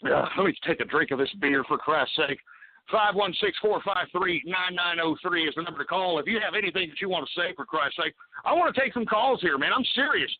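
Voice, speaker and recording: A man's voice: sits high, a little fast. Angry ranting talk radio man. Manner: swears a lot. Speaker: radio talk show host. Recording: tinny phone-like radio audio.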